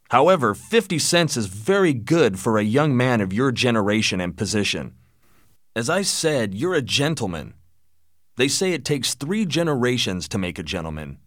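Guy reading a blunt old dad who lectures, dry sound, swings his pitch a lot. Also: no room sound. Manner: forceful, lecturing. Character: blunt rich old father, gruff.

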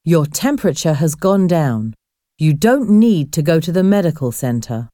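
A woman voicing a kindly ship's nurse who speaks calmly and reassuringly with a mellow tone. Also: low-pitched, moderate pace, no echo, clean studio sound, voice pushed down.

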